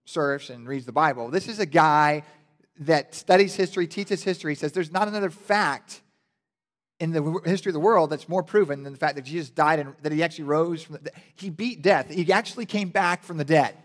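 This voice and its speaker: A man's voice: on the high side, a little fast. Man preaching casually in an echoing hall. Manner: casual, animated preaching with joking asides and frequent restarts. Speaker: pastor. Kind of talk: sermon. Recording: long hall reverb.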